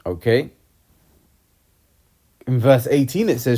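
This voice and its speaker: A man's voice: mid-range voice, lively intonation, a little slow, a little mellow. A young man giving an informal, slangy Bible teaching, tagging his sentences with "man". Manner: slangy, streetwise, peppers talk with "man".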